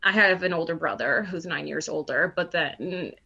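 A woman's voice: lowish voice, moderate pace, gravelly, bright, forceful tone, breathy edge, dull audio. A woman in her thirties from Ontario, Canada, a TV news host speaking candidly as a podcast guest and acting out remembered voices. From Cambridge, Ontario, Canada. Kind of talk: casual conversation.

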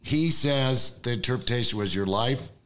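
A man's voice: mid-range voice, normal speed, fairly bright tone. A man, a podcast guest, telling a story animatedly, acting out the voices he quotes and laughing often.

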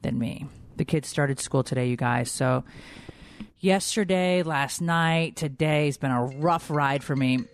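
A woman in her forties from Connecticut hosts a podcast at a measured pace, her voice sitting low. She chats casually and emotionally, rambling with plenty of fillers.

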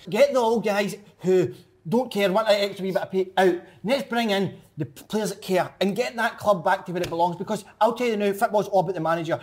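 A Scottish man ranting and laughing in a casual football chat. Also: high voice. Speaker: podcast guest pundit.

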